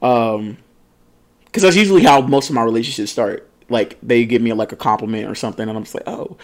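A man's voice: mid-range voice, quick pace, darkish tone. A young man co-hosting a podcast, chatting casually in a loose, joking way with profane slang and frequent laughter. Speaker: podcast co-host. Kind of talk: casual chat.

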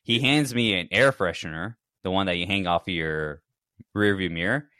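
A man's voice: deep voice, normal speed, pushed and bright, smooth, no room sound, clean studio sound. A man co-hosting a podcast, telling a long story in casual chat and acting out his own reactions. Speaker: podcast co-host.

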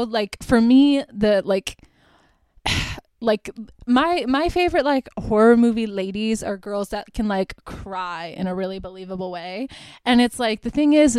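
A woman's voice: medium pitch, darkish tone, smooth, no room sound. A woman hosting a podcast, recapping a movie in a chatty, irreverent way and swearing freely. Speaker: podcast host. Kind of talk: casual solo movie recap.

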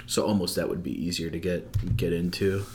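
A man's voice: sits low, flat delivery, a little fast, a little mellow, a little hiss or hum. A man co-hosting a casual podcast over drinks, rambling easily with lots of fillers. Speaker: podcast co-host. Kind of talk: casual chat.

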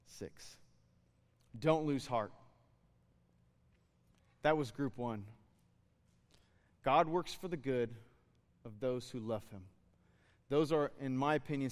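A man in his thirties giving a sermon as a pastor, relaxed and storytelling, then rising to fervent exhortation. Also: mid-range voice, big-room sound. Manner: conversational, building to fervent exhortation.

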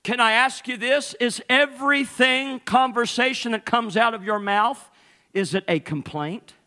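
A male pastor preaching a folksy sermon in church, building from quiet talk to shouting. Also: very high voice, a little slow.

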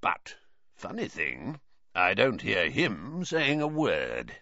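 A man voicing a gruff, suspicious old wizard who growls his lines low and menacingly. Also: huge pitch swings, takes it slowly, bright, forceful tone, no echo, exaggerated voice. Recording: dull, slightly lo-fi.

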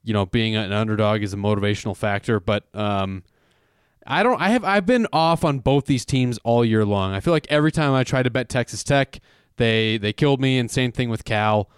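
A man's voice: medium pitch, normal speed, clear, resonant tone, no echo, clean studio sound. A man co-hosting a sports betting podcast, talking casually and hesitantly, hedging his picks. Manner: hesitant, laughs easily, hedging. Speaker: podcast co-host.

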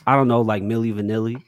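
A man co-hosting a podcast, chatting casually and dropping wry, deadpan jokes. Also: mid-range voice, fairly quick, no echo, clean studio sound. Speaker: podcast co-host. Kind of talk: casual chat.

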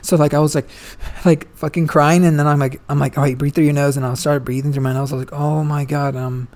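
A man's voice: on the high side, level tone, quick pace, a little mellow. A young man, a guest, chatting casually and telling a long story, swearing freely and full of slang. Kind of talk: casual chat.

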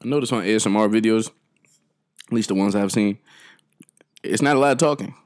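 A man's voice: fairly low pitch, moderate pace. A man hosting a podcast in casual chat, joking around, rambling and laughing often. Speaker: podcast host.

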